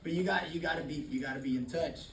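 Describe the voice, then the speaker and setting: Blunt high-voiced man in an echoey room. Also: fast. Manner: blunt, candid, swears freely, laughs often. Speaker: speaker at a recovery meeting. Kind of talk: personal testimony talk. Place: meeting room. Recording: roomy, distant mic, faint noise.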